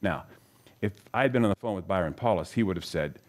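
A man's voice: low-pitched, expressive, a little fast. A middle-aged man giving a conversational Bible talk, telling personal stories and putting questions to his listeners. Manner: asks the audience questions, storytelling, earnest. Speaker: speaker teaching scripture.

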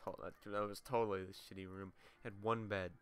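A man's voice: fairly low pitch, flat delivery, quick pace, a bit bright, clean tone. Sweary young man narrating his game. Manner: sweary, self-mocking, talks to himself. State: runny nose. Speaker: let's play gamer. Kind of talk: casual gameplay commentary.

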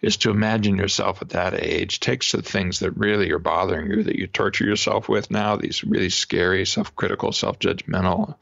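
A man, a psychologist guest on a podcast interview, explaining exercises in an animated way and demonstrating them aloud. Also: low-pitched, creaky. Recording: dull lo-fi remote audio.

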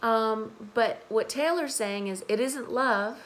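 An American woman teaching English who explains song lyrics to learners slowly and patiently, repeating key phrases, with a hoarse morning voice. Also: fairly high pitch, fairly bright tone, a little hiss or hum, low-quality recording.

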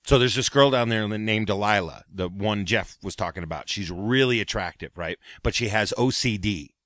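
Man, animated anecdote, gossipy, bright tone, dry recording. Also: lowish voice, moderate pace, no echo. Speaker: storyteller. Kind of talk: comedic anecdote telling.

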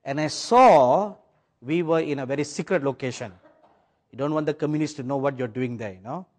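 A man from India delivers a sermon in English that carries a British-influenced accent. He tells his story dramatically, swinging from loud, ringing phrases to near-whispers. His voice sits a little high for a man. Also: brisk. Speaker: preacher.

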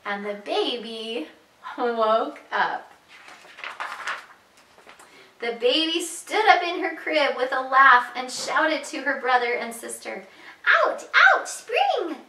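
A high, bright-voiced woman reads picture books to little children as their preschool teacher. She takes her time and sings the story with big rises and falls. The voice sounds off-mic, with an echoey room around it. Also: slight background noise. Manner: slow, sing-song storytelling with lots of pitch leaps. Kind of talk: reading picture books aloud to young children. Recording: echoey room, voice heard from a distance.

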